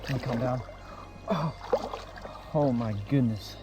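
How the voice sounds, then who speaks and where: A man's voice: mid-range voice, slow pace, very noisy. A young man from the American South, filming his own fishing vlog outdoors with a chest-mounted camera, talking casually and often repeating his exclamations. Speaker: fishing vlogger. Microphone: chest-mounted action camera.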